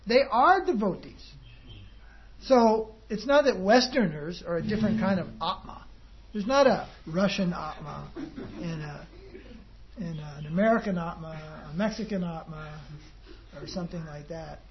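Guy with a high voice giving a loose devotional talk, muffled lo-fi recording, faint room noise. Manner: rambling, conversational, chuckling asides. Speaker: spiritual teacher. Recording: dull lo-fi recording with faint ambience.

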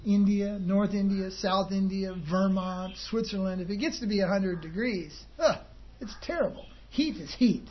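A man whose voice sits high speaks at a moderate pace, with a little hiss or hum. He's a spiritual teacher giving an informal devotional talk to a group, rambling conversationally with chuckling asides, captured on a dull lo-fi recording with faint ambience.

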